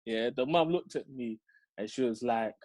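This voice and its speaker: A young man with a London accent, telling a story in an animated, slang-heavy way as a podcast co-host. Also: mid-range voice, normal speed, no room sound. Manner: slangy, lively, full of street slang tags. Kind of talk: animated storytelling in casual chat.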